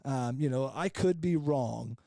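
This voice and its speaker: A man's voice: mid-range voice, a little slow, vocal fry, warm tone, no echo, clean studio sound. A man on a podcast telling a long, rambling, jokey story in casual chat, with many fillers and restarts. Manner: jokey and frank. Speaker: podcast co-host.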